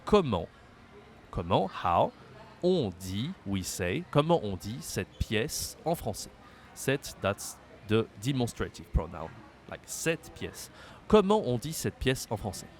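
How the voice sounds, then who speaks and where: A man teaching a language lesson, patiently repeating words slowly for learners. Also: fairly low pitch, big pitch swings, a little hiss or hum. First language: French. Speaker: French teacher.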